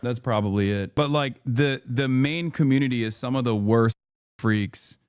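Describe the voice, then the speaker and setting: A man rants scornfully and rambles through casual political commentary. The clip sounds dry and close, with a mid-pitched voice. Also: normal speed, darkish tone, smooth, no room sound. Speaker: political streamer. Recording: dry clip played from a stream.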